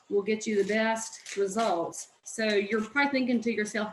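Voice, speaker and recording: A medium-pitched Southern woman talks at a normal speed with few pauses while hosting a casual cooking demo from her home kitchen. She's folksy, opinionated and chatty, dropping "y'all," and the low-quality recording has an echoey room and slight background noise.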